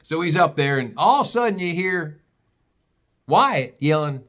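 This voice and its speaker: A man with a fairly high voice telling a story casually and vividly, with lots of swearing and mockery. He acts out the scene as he goes, like someone spinning a yarn for friends. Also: unhurried, long pauses. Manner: animated, profane, mocking.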